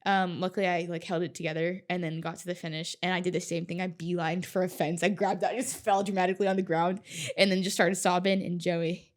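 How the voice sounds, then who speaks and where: A woman talking as a podcast guest in casual chat, telling her story in an animated way, swearing freely and laughing often. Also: fairly low pitch, quick pace.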